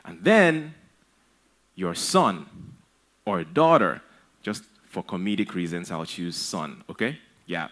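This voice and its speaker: A man's voice: low voice, takes it slowly, pauses often. A man giving a humorous motivational talk at a conference, telling stories with playful asides. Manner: animated storyteller, playful asides. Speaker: conference speaker.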